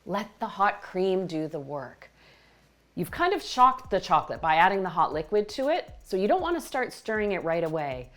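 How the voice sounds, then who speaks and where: Enthusiastic woman hosting a baking show. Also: medium pitch. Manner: warm, explanatory, enthusiastic about the food. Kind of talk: cooking demonstration.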